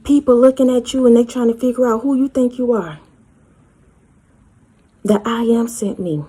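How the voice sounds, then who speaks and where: A woman's voice: a little high, normal speed, mellow, husky. A woman preaching a fervent prophetic sermon, acting out voices from scripture. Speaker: online preacher.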